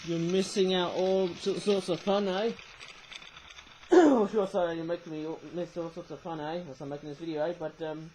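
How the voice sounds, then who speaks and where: A man in his sixties with a croaky voice, hosting a chatty unboxing video with rambling, jokey asides. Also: fairly high pitch, level tone, brisk, a little mellow, slight background noise, poor audio. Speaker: toy channel host.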